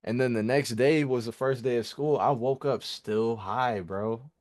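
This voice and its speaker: A young man, a musician guest, telling stories casually in a slangy, animated way. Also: mid-range voice, unhurried. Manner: animated, slangy, acts out voices. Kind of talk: casual storytelling in an interview.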